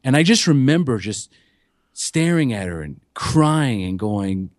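A man's voice: medium pitch, big pitch swings, measured pace, dry recording, studio quality. A man as a podcast guest, candidly and emotionally recounting his addiction recovery in earnest, unpolished storytelling.

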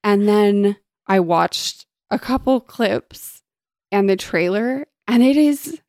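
A woman co-hosting a casual chat, expressive and enthusiastic, swearing freely. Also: medium pitch, takes it slowly, no echo, studio quality.

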